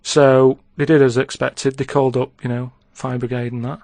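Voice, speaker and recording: A man's voice: mid-range voice, level tone, moderate pace, vocal fry, darkish tone, no room sound. A man telling a story on a comedy podcast in a rambling, casual way, checking in with "right?" as he goes.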